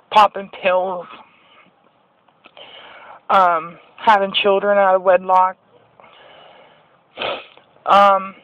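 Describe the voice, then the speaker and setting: A woman's voice: medium pitch, no echo, phone-quality sound. A woman sharing a personal faith testimony in an earnest, rambling way, often restarting her sentences.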